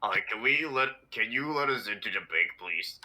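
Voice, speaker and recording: A man's voice: medium pitch, lively intonation, a little fast, pushed and bright. A man playing in a tabletop role-playing game, asking politely in character. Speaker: player.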